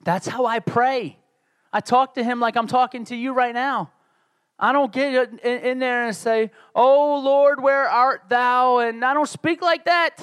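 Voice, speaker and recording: Man, pastor, high voice, conversational sermon, humorous, emphatic. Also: normal speed, fairly bright tone, smooth. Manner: conversational, joking preacher who builds to emphatic peaks.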